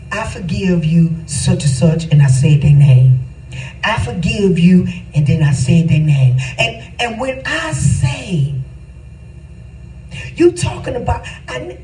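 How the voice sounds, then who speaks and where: Slow-talking woman pastor in an echoey room. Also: medium pitch, dark tone, distant mic. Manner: emphatic, repetitive, preacherly cadence. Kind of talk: casual spiritual testimony.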